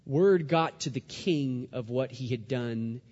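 A man preaching a sermon, dramatic, dropping to a hush and then rising loud. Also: mid-range voice, slow, big-room sound, muffled recording. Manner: dramatic, swings from hushed to loud.

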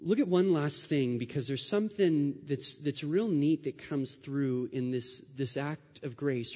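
A male pastor preaching a sermon, earnest and repetitive, building his phrases up to loud, emphatic rises. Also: fairly high pitch, measured pace, hardly any pauses. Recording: dull sound with long hall reverb.

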